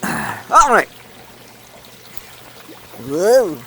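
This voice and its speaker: A man hosting and calling a made-up game in a playful, deadpan announcer manner. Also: sits high, a little slow, pauses often. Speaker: host and commentator. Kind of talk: mock sports commentary.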